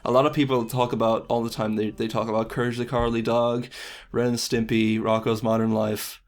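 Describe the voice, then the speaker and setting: A man's voice: medium pitch, level tone, brisk. A young man, an animator, talking casually in an interview, rambling and self-deprecating, with casual swearing.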